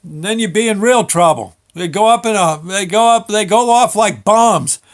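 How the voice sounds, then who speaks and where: A man's voice: sits high, normal speed, voice pushed up, natural voice. A man voicing an exasperated male factory foreman who hollers his lines. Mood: exasperated hollering.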